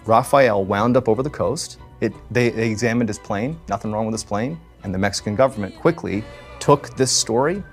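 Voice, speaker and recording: A man tells a strange story in a casual, conversational way, often dropping in fillers. His voice is fairly low, and faint music plays underneath. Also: fairly quick.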